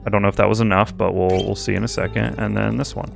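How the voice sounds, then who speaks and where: A man's voice: on the low side, level tone, fast talker, creaky, soft background music. A young man hosting a casual let's-play, chatting and thinking aloud with amused energy. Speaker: host playing a game.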